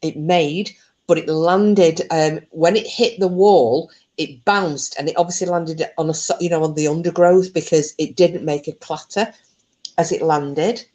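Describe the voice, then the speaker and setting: A woman's voice: deep voice, fairly even intonation, measured pace, warm tone. A woman hosting her channel, casually retelling a true story, chatty, swearing freely and laughing often.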